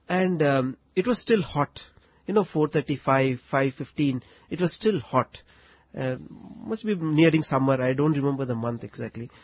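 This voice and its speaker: A man with an Indian English accent recounts a personal memory to an interviewer, his voice slightly husky and sitting a little high. He talks reflectively, often laughing as he quotes others. The recording is dry and somewhat muffled. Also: no room sound. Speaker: guest. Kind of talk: personal storytelling.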